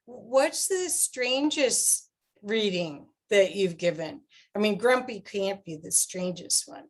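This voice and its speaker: A woman's voice: medium pitch, lively intonation, slow pace. A woman hosting a podcast interview, asking questions and giving short, encouraging replies. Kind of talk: casual interview chat.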